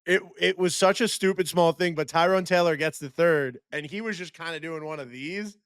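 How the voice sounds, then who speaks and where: A young man co-hosting a casual sports chat, an excitable and animated storyteller. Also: a little high, normal speed, clean tone, no echo, clean studio sound. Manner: excitable, animated storyteller who slips into impressions. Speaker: co-host.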